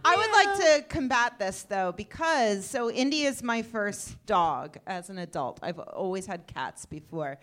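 A young adult woman in casual comedic chat, profane and animated, acting out her pets in stories. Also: medium pitch, unhurried, hardly any pauses. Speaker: podcast panelist.

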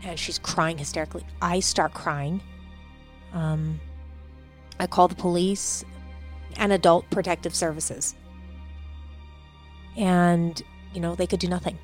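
A woman's voice: on the low side, fairly even intonation, a little slow, long pauses, soft background music. A woman giving personal interview testimony, earnest and emphatic, acting out what others said. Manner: earnest, emphatic, recounting with quoted dialogue. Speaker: interviewee, daughter recounting family events.

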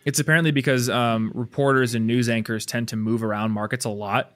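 A man's voice: mid-range voice, steady tone, a little fast, fairly bright tone, no room sound. A man co-hosting a podcast, chatting casually, telling anecdotes and laughing easily. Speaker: podcast co-host. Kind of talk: casual chat.

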